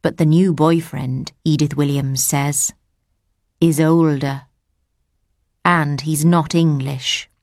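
A woman reading a first-person audiobook story in a plain, measured way. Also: low voice, fairly even intonation, darkish tone, dry recording, clean studio sound. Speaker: audiobook narrator. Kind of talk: scripted first-person narration.

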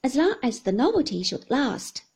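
An earnest, admiring young man, eager and effusive in his praise, as a woman reads him. His lines rise and fall a great deal, in a high, breathy voice. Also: big pitch swings, moderate pace, darkish tone, heavily acted, low-quality recording.

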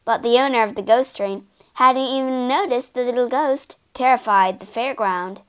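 A woman reading a children's storybook aloud, with expressive, animated narration. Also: a little high, moderate pace, few pauses.

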